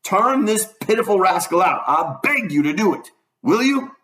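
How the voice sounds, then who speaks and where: A man voicing an angry, stern older male doctor who speaks in forceful, accusing tones in a storybook reading. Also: a little high, expressive, moderate pace, slight background noise, natural voice. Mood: indignant.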